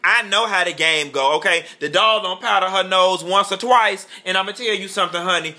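A man with a high voice and a sharp, piercing edge delivers campy celebrity gossip commentary. He talks in a sassy, drawling way, full of "honey" and "child," and throws shade at the people he is talking about. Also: brisk.

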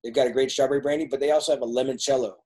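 A man's voice: mid-range voice, steady tone, rapid-fire, warm tone. A man with a Midwestern accent co-hosting a casual podcast over drinks, upbeat and teasing. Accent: Midwestern American. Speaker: podcast co-host.

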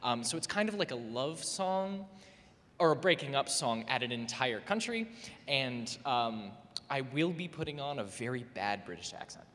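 A man's voice: mid-range voice, big pitch swings, moderate pace, fairly bright tone. A young man, a student singer, casually introducing his song to an audience, chatty and joking with many fillers. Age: young adult. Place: recital hall. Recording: echoey hall with music.

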